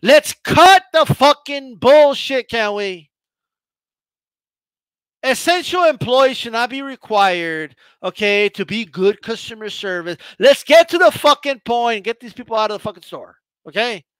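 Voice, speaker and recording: Host, male, very high and bright voice, profane stammering rant, dry close sound. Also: lively intonation, a little slow, clear, resonant tone, no echo. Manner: heated, profane, stammering restarts. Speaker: boxing channel host.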